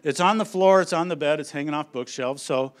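Middle-aged male speaker, fairly high voice, lively story-driven stage presentation. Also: brisk. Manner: animated storyteller who acts out his family's lines. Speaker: conference speaker on children's ministry. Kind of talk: humorous presentation to an audience. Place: on a stage at a conference.

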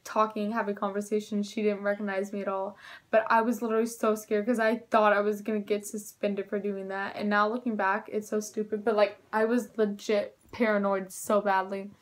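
A teenage girl vlogger telling a storytime in a chatty, excitable way, full of "like". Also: mid-range voice, fairly quick. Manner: chatty, filler-heavy with "like", excitable. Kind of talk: storytime vlog.

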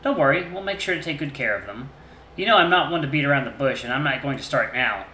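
A man voicing a loving mother reading out her farewell letter to her grown son, gentle and heartfelt, in a game. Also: medium pitch, lively intonation, fast talker, a little hiss or hum. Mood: tender. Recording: roomy echo.

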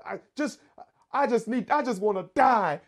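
A man's voice: extremely high pitch, animated, normal speed, voice pushed up, full character voice. A man acting out a sulking prophet who groans in the heat and wishes to die. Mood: despairing.

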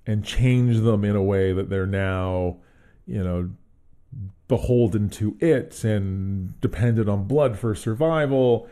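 A man's voice: on the low side, takes it slowly, mellow. A man co-hosting a podcast, chatting casually about a tabletop adventure module and thinking aloud with frequent restarts. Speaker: podcast co-host. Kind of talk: casual tabletop game review chat.

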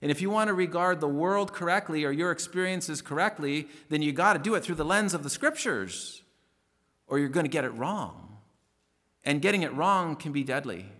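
Male preacher, fervent and deliberate, reads verses slowly, voice a bit high. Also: expressive, bright, forceful tone, in a large hall. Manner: earnest preaching, rising emphatic stresses, slows to read verses. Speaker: pastor. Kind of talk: radio sermon.

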